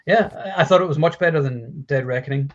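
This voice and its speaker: Animated man on lo-fi audio. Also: on the high side, a little fast. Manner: animated, swears freely, many fillers. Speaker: podcast co-host. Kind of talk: casual chat about films.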